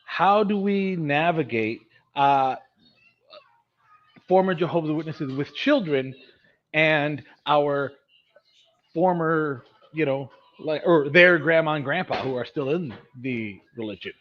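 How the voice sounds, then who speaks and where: Man in his 30s, casual host, rambling and animated, slightly high voice, muffled lo-fi recording. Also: takes it slowly. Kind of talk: casual chat. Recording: dull lo-fi sound.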